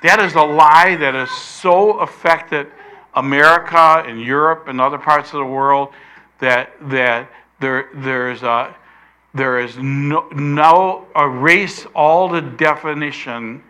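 An older man preaching a sermon, emphatic, slowing down to stress key words. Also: on the high side, sharp tone, clean tone.

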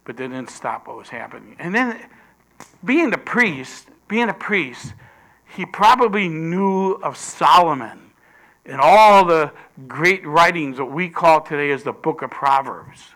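Slow, bright-voiced male preacher. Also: on the high side, animated. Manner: swings between loud emphasis and hushed whispers. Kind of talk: sermon.

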